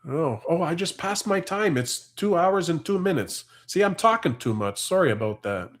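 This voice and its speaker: A man's voice: fairly high pitch, expressive, normal speed. Chatty middle-aged man hosting a livestream. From Canada. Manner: chatty, reads viewer comments aloud and riffs on them. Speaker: farm livestream host. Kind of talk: casual livestream chat.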